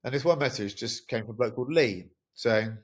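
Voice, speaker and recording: Speaking at medium pitch and a fairly quick clip, this middle-aged podcast host from England shares a personal anecdote. His casual monologue is wry, rambling, and candid.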